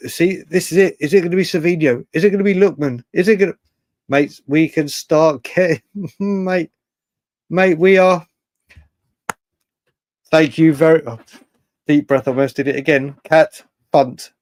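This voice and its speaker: A man hosting a late-night live fan stream, rambling and excitable, thanking chat viewers by name. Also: a little high, no room sound. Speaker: fan channel host.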